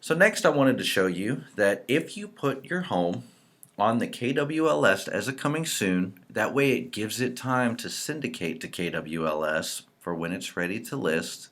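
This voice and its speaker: A man giving a relaxed screen-recorded software tutorial, explaining each step as he fills in example entries. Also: deep voice. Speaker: real estate software trainer.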